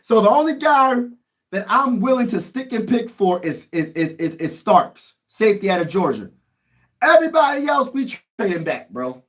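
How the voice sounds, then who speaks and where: Livestream host, male, high-pitched voice, slangy and excitable; mutters low between loud outbursts. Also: moderate pace. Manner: slangy, talks straight to chat. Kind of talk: casual live-stream reaction commentary.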